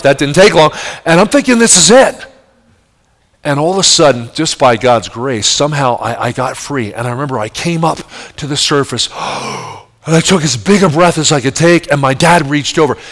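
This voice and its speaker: This adult preacher's voice is a little high with a fairly bright tone. Delivering a sermon, he brings a story to life by acting out the voices in it and addresses his listeners directly with questions.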